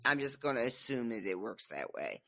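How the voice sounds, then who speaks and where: Animated, bright-voiced podcast co-host. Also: mid-range voice, moderate pace, vocal fry. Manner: animated, laughs often, swears. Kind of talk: casual chat.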